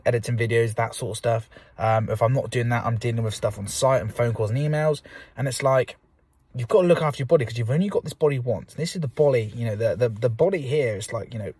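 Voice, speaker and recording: A man's voice: mid-range voice, darkish tone, breathy edge, no echo. A young man hosting his own podcast from inside a car, giving a rambling, upbeat pep talk with many fillers, a little out of breath after a game of football. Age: young adult. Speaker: podcast host. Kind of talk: casual solo podcast monologue.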